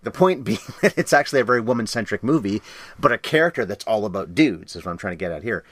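Brief: male podcast co-host, brisk and chatty, dry studio sound. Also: on the low side, lively intonation, fairly bright tone, no room sound. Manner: quick, talkative, jokey asides. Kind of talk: casual film discussion.

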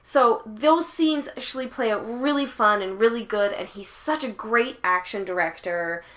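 A woman co-hosting a podcast, talking enthusiastically and casually about films. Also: a little high. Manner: enthusiastic, animated, quick to laugh. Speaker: podcast co-host. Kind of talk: casual film discussion.

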